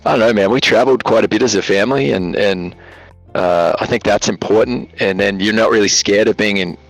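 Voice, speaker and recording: A man's voice: on the low side, a little fast, vocal fry, dry recording, faint music behind, poor audio. A man from Australia, a guest content creator, chatting loosely in an interview and telling jokey stories full of fillers, over a video call. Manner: joking, loose storyteller with frequent fillers. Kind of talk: casual interview chat. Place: home in Latvia.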